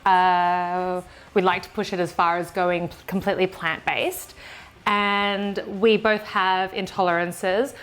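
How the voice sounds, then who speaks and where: A woman's voice: fairly low pitch, little pitch movement, a little slow, a bit bright, smooth. Chatty woman walking through a recipe. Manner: explains steps plainly, with fillers and giggles. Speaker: cooking show co-host. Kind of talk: casual cooking chat. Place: home kitchen.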